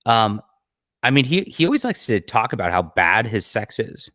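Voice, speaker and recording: A man's voice: medium pitch, very animated, moderate pace, fairly bright tone, no room sound, clean studio sound. A man hosting a livestream, giving blunt, mocking commentary on a clip, with frequent fillers. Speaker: livestream host. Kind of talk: casual commentary over a clip.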